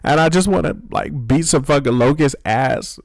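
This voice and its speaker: A young man ranting casually about a video game, profane and excitable, rambling and restarting his sentences. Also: medium pitch, moderate pace, vocal fry, no room sound. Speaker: gaming video host.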